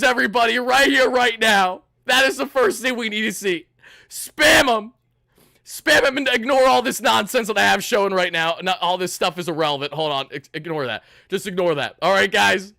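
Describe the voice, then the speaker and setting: A man hosting a sports fan livestream, giving loud and exuberant postgame commentary that circles back on the same phrases. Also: very high voice, animated, fairly quick, vocal fry, dry recording, studio quality.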